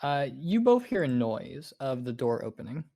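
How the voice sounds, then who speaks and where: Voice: mid-range voice, sing-song, moderate pace, mellow. A game master narrating a tabletop horror game and asking players for rolls.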